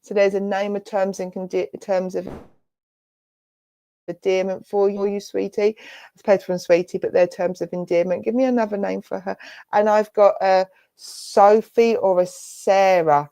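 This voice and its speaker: An English woman giving a gentle, reassuring clairvoyant reading as a spiritualist medium during an online church service. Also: medium pitch, steady tone, normal speed, clean tone, no echo. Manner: soft, reassuring, affectionate, addresses listener as darling and lovely.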